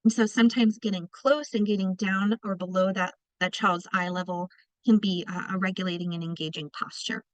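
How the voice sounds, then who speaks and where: A woman's voice: medium pitch, steady tone, a little fast, no echo, poor audio. A woman presenting an online training session, speaking conversationally and addressing participants directly. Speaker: presenter of a teacher training webinar.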